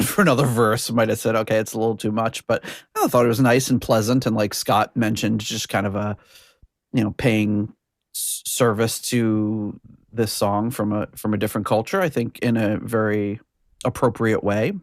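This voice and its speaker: A man's voice: fairly low pitch, vocal fry, dry recording, studio quality. A man hosting a music podcast, chatting casually with many fillers and restarts. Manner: relaxed, hesitant with fillers. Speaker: podcast host. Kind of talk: casual chat.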